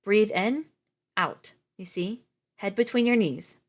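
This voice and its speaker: A woman voicing a calm nurse who speaks in a patient, soothing way. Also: mid-range voice, slow pace, voice pushed up.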